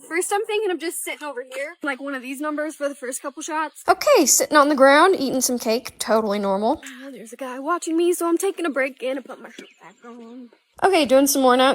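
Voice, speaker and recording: Bubbly high-voiced woman in her twenties. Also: animated, quick pace, a bit bright. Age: 20s. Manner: bubbly, chatty, self-deprecating. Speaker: vlogger. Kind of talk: casual vlog narration.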